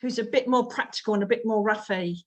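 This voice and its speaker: A British woman leads a live reading over a video call. Her voice sits a little high, and she talks in a chatty, familiar way, calling people darling and swearing mildly as she goes. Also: fast. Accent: British English. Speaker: psychic medium.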